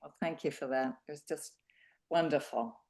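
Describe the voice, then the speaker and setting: Low-voiced woman host, effusive. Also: moderate pace, a little mellow. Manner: effusive, praising. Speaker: event host. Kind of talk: warm thanks after a story.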